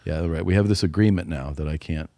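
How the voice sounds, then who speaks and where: A man co-hosting a podcast, telling a story in a casual, animated way, swearing freely and yelling in the quotes, on a close studio mic. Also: low-pitched, fast, dry recording. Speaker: podcast co-host.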